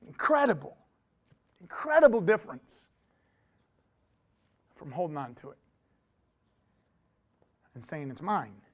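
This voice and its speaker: A middle-aged man preaching a sermon as pastor, swinging between booming proclamation and hushed, intense asides. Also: huge pitch swings, takes it slowly, pauses often.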